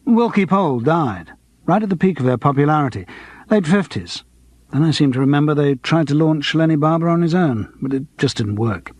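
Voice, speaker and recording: A man's voice: on the high side, expressive, a little fast, a little mellow, no room sound. A man voicing a theatrical middle-aged stage actor with a grandiose, self-mocking manner. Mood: reminiscing.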